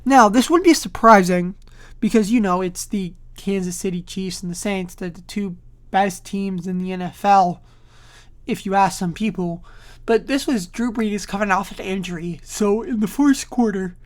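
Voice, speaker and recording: A woman's voice: medium pitch, moderate pace. A woman hosting a casual solo sports podcast, giving opinionated, rambling commentary full of fillers and restarts, sleepy and yawning as she talks.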